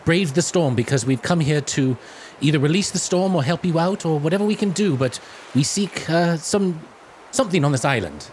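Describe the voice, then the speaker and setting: A man's voice: on the high side, animated, normal speed, a little mellow, slight background noise. A man playing a tabletop game, speaking politely and a bit hesitantly in character. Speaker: player. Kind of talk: in-character role-play.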